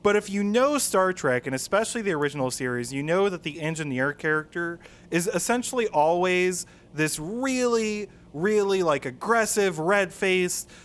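A man's voice: high voice, animated, normal speed, few pauses, a bit bright, clear, resonant tone. Enthusiastic man discussing a film. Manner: enthusiastic, retelling scenes with quoted lines. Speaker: podcast co-host.

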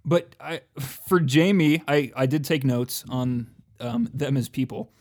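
A man's voice: mid-range voice, measured pace, darkish tone. A man from the United States co-hosting a casual chat show, joking, swearing and mocking himself. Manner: self-mocking, profane, joking. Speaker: podcast co-host.

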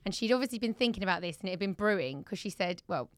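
A woman in her thirties chatting casually as a podcast co-host, telling an animated parenting story. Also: medium pitch, very fast, no room sound, clean studio sound. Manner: animated storyteller, acts out a child's voice in quotes. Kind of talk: casual chat.

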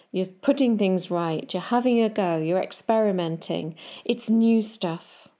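A woman coaching riders in a podcast, speaking slowly and calmly. Her voice is mellow and warm, and her advice is measured and direct. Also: mid-range voice. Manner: calm, measured coaching, talking straight to the listener. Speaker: riding coach.

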